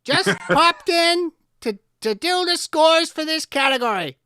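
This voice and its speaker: A man voicing a strange cow as an impression of a famous filmmaker, speaking in a strained voice that is pulled slowly upward. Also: very high voice, expressive, pushed and bright, no echo, studio quality, pitched above the performer's own voice, full character voice. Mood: eerie. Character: odd, high-voiced male cow, impression of a film director.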